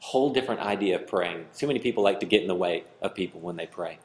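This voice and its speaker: A man's voice: lowish voice, fast talker. Guy preaching in a big echoey room, teaching a verse, acting stuff out, asking folks questions. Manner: animated, acts out little scenes, asks the room questions. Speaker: pastor. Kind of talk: sermon with Bible teaching. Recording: roomy echo.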